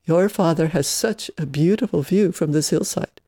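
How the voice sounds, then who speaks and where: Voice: mid-range voice, moderate pace, dark tone, no echo, lightly acted. A reader voicing a pompous older aunt with an affected, pseudo-cultured way of speaking, recorded dry and close. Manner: affected, grandiose.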